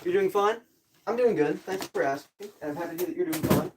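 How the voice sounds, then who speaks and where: A man's voice: high-pitched, fast, very noisy. A young man chatting casually to viewers on a live stream, rambling and apologetic, with a groggy morning voice. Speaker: livestreamer. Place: home in a rural area.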